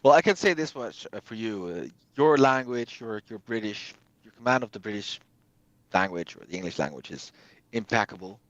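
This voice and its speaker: A man in casual conversation, giving blunt opinions in a halting way full of fillers. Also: on the low side, lively intonation, a bit bright, no room sound, highs cut off.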